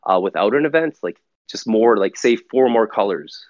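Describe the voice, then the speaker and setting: A man's voice: fairly low pitch, lively intonation, moderate pace, dry recording, highs cut off. A man co-hosting a casual gaming chat, talking loosely and eagerly with lots of "like". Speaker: podcast co-host.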